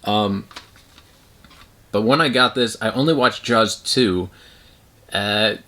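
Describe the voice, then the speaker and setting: A man's voice: medium pitch, a little slow, bright, forceful tone. A man talking casually at home about his movie collection, rambling with many fillers and restarts.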